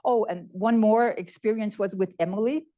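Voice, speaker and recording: A woman's voice: mid-range voice, normal speed, dull audio. A woman in her seventies giving a heartfelt personal talk, repeating words for emphasis. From Canada. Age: 70s. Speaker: conference speaker.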